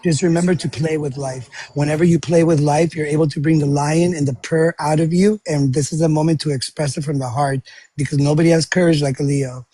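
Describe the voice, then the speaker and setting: Male panel host, affirming and chatty, slightly high pitch, dry close sound. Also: steady tone, brisk, breathy edge, no room sound. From Florida. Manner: warm, affirming, gives astrology readings. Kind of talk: live audio panel talk.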